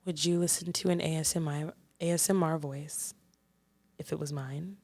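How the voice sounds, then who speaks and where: A woman co-hosting a podcast in playful, teasing casual chat, sometimes dropping into a soft whisper. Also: low-pitched, fairly even intonation, normal speed, no echo. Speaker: podcast co-host.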